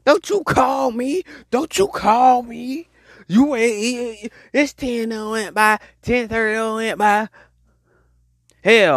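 Man, animated rant, high swooping voice, dry close sound. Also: dry recording. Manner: animated, preachy, repeats himself. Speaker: podcast host. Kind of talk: ranting monologue.

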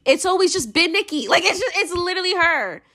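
An American commentator, young and female, works through her opinions in a loose, rambling monologue, her high voice swinging widely in pitch. She's animated and fast with a sharp tone. Blunt and free with profanity, she fills her speech with "like."

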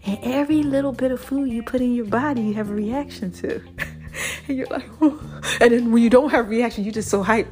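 A woman hosting her own faith podcast in a casual, preachy monologue, animated and laughing often. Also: a little high, moderate pace, soft background music. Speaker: podcast host.

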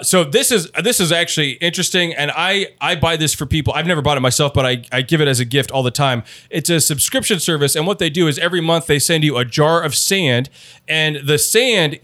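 Playful podcast host, fairly high voice. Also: male voice, pushed and bright. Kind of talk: casual comedic chat.

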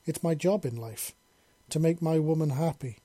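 A man voicing a playful young man in metal armor teases and speaks tenderly in this storybook reading. The voice is dark and mellow with a slight husk, close and dry. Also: fairly high pitch, normal speed, dry recording, close to an everyday voice. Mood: gentle, warm. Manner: playful, teasing, then gentle.

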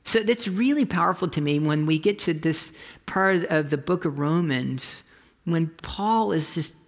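A pastor preaching a conversational, storytelling sermon, often restarting phrases and dropping to a soft whisper for emphasis. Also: mid-range voice, a little slow, in a large hall. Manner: frequent restarts and trailing phrases.

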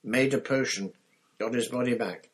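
Male narrator playing a frantic young boy wizard, raised higher and louder than his deep own voice, urgent and pleading. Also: normal speed, lightly acted. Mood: shaken. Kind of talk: audiobook character voice.

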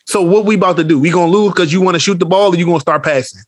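A man talking at a rapid clip in casual podcast chat, his voice sitting a bit higher than most men's. He tells animated stories full of slang and swearing and acts out the lines of others. The sound is close and dry. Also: no room sound. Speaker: podcast co-host.

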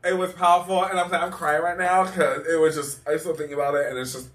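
Bright animated man in an echoey room. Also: fairly high pitch, fast. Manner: animated, rambling, laughs often. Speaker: guest storyteller. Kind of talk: casual podcast storytelling. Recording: roomy sound from a distant mic.

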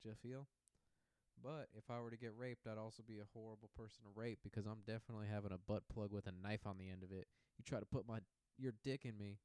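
A brash man riffs through a crude comedic sports monologue and hops from topic to topic. His voice sits low and sounds smooth and clear. The recording is dry and close to the mic. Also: dark tone, no echo, poor audio. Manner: brash, profane, jumps between topics.

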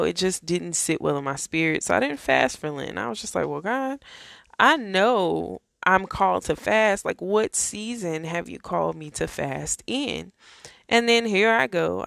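Creaky-voiced woman sharing faith testimony. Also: low voice, fairly bright tone, no room sound, studio quality. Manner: earnest, addresses listeners as y'all and friends. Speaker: faith vlogger. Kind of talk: casual personal testimony.

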